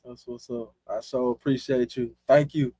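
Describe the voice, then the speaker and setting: A man's voice: medium pitch, fairly even intonation, normal speed, mellow, husky, dry recording, clean studio sound. A man from Chicago hosting a live stream, chatting loosely in profane street slang and laughing often. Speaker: livestream host. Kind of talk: casual live-stream chat.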